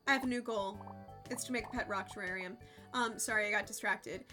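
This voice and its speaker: A young adult woman streaming a game and chatting casually, expressive and quick to swear. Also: medium pitch, music in the background. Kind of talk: casual livestream chat while gaming.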